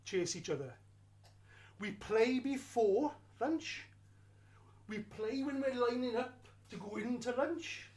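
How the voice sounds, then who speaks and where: Male storyteller, unhurried and wry, lively delivery. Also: very high voice. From Wales. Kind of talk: first-person storytelling performance.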